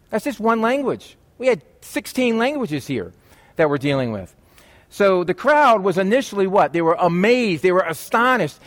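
Male pastor, conversational sermon, jokey asides, a touch high-pitched. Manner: chatty, jokey asides to the congregation.

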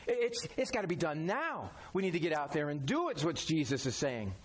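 A man's voice: on the high side, big pitch swings, brisk, a little hiss or hum. A man preaching a sermon in a folksy, conversational way, using everyday examples. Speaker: pastor.

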